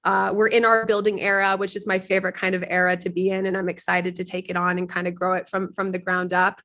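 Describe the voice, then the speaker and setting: A young adult woman with a husky voice from a cold, chatting casually as a podcast guest about her work, talking quickly with many fillers and restarts over a video call. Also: fairly low pitch, level tone, fairly bright tone. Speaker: podcast guest, partnerships lead. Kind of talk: casual business chat.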